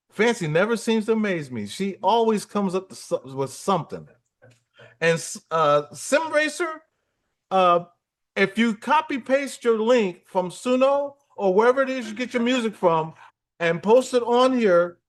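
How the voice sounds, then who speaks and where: A man's voice: high voice, a bit bright. A man hosting a music livestream, talking in a chatty, upbeat, rambling way. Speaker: livestream host. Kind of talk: casual livestream chat.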